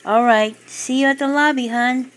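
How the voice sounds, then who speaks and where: A woman's voice: high voice, fairly even intonation, moderate pace, pitched above the performer's own voice, natural voice. Friendly, concerned care-home staffer, put on by a woman narrator, slightly raised voice. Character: kindly woman nursing-home staff member.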